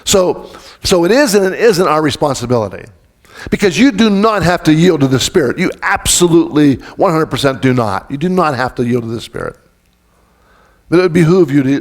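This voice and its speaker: A pastor with a fairly high voice gives a conversational sermon, speaking informally and often restarting sentences. He keeps putting questions to the congregation.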